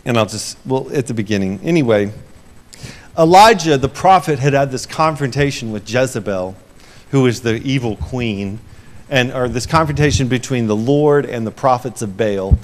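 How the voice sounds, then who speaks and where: A man preaching an informal sermon and retelling a scripture story, conversational, shifting from hushed to loud and emphatic and acting out the quoted lines. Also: mid-range voice, moderate pace.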